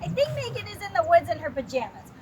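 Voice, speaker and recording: A woman's voice: very high-pitched, sing-song, fast talker. A woman reading the lines of a polite, resourceful young girl in a storybook read aloud outdoors. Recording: loud outdoor wind noise.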